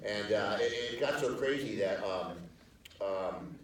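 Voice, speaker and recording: A man's voice: lowish voice, lively intonation, measured pace, slight background noise. An older male screenwriter telling rambling behind-the-scenes anecdotes at a live theater Q&A, full of restarts and fillers, acting out other people's lines. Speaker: screenwriter and producer guest on a panel. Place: theater stage in front of an audience. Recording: echoey theater hall, distant mic.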